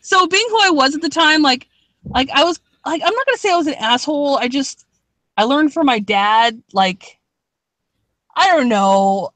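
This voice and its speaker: A young woman, a podcast co-host, tells a story in a casual chat, rambling, saying "like" constantly, swearing, and laughing a lot. Her expressive voice sits high with a fairly bright tone at a moderate pace, on a dry recording.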